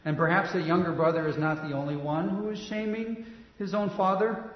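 A man acting a calm counselor who leads his client with patient questions. His voice sits slightly high. It is recorded in a long-echoing hall, with a dull, muffled sound. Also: close to an everyday voice. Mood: probing. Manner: measured, probing, leading questions. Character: calm, probing male counselor, gently challenging. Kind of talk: stage play dialogue.

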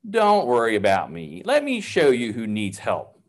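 A smug, self-righteous brother eagerly points out others' faults, as a man reads him aloud. His voice bounces widely in pitch with an accusing, eager push in a storybook telling. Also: wildly swooping pitch, moderate pace.

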